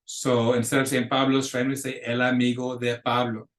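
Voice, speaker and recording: A man gives a recorded lesson, patiently working through examples and repeating key phrases. His voice sits in a middle pitch. The room around him is echoey. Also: flat delivery, moderate pace, a bit bright. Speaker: Spanish teacher. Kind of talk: recorded lecture for students.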